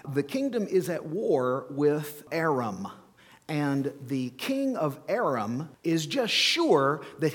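A man preaching as a pastor, telling the story in an animated way, acting out scenes with playful asides. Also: on the high side, husky. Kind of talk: sermon. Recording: long hall reverb.

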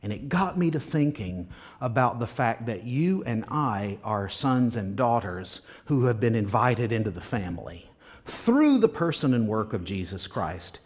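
Male pastor, medium voice, emphatic sermon delivery with soft asides. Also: medium pitch, very animated, unhurried. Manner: emphatic, repeats key words, drops to a whisper at times.

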